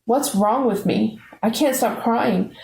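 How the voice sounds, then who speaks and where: A woman's voice: fairly high pitch, slow, vocal fry, darkish tone, reverberant, rough recording. A woman voicing a tearful, upset teenage girl who talks emotionally. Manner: weepy, emotional.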